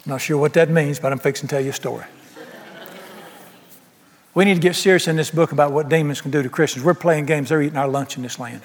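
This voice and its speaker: Male preacher, folksy and emphatic, slightly high pitch, long church reverb. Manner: storytelling, emphatic, Southern folksy phrasing. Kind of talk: sermon.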